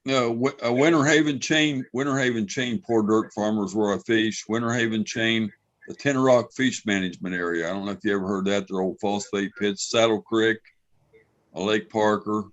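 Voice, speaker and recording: A man's voice: on the low side, fairly even intonation, normal speed, lo-fi sound. A man chatting casually about fishing, laid-back as he lists places. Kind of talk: casual chat.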